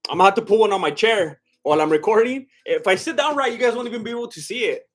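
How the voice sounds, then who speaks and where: A man's voice: high voice, expressive, quick pace. A young man giving casual live fight commentary as a streamer, exclaiming at big shots and chatting with his viewers.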